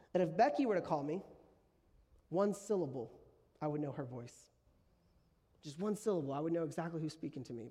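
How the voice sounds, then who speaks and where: A man's voice: high-pitched, a little mellow, long reverb tail. A man preaching a sermon as pastor, conversational, often repeating key phrases for emphasis. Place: church sanctuary.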